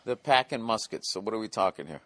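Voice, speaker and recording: A man's voice: fairly low pitch, lively intonation, fast talker, fairly bright tone. A man hosting a podcast in casual chat, skeptical and teasing, and he swears freely. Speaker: podcast host.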